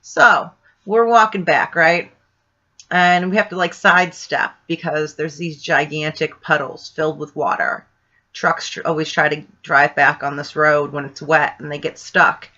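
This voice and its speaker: A woman from Ohio tells a story in a loose, rambling way, leaning on "like" and "right?". Her voice is bright and forward. The recording is a little dull and lo-fi. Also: low voice, steady tone, a little slow. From Ohio, USA. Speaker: vlogger telling a paranormal story. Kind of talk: casual storytelling.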